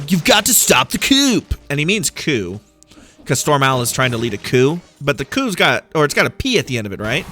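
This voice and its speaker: A man's voice: mid-range voice, bright, forceful tone. A man giving playful, joking let's-play commentary, wandering off on tangents as he plays. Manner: playful, jokey, goes off on tangents. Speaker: gaming YouTuber.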